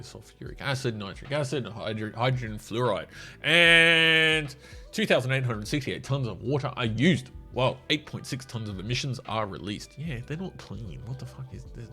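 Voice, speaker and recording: An Australian man rants bluntly and profanely through a casual feed-scrolling commentary, his voice gravelly with fry. His pitch swings widely, and faint music sits underneath. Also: sharp tone.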